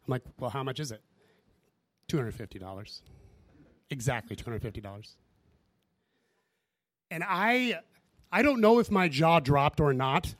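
A man's voice: medium pitch, dry recording. A man preaching from personal testimony, acting out conversations as he tells the story. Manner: animated storytelling, acts out dialogue. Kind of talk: sermon testimony.

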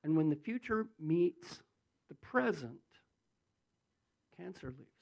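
A man's voice: fairly high pitch, animated, slow, creaky, darkish tone, highs cut off. A man preaching a sermon, telling a story with acted-out quotes and building into fervent prayer.

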